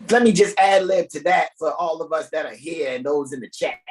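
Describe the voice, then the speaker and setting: A man's voice: fairly high pitch, brisk, rough recording. A man hosting an online study group over a video call, lecturing in a profane, emphatic, joking way. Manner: profane, emphatic, preachy with jokes.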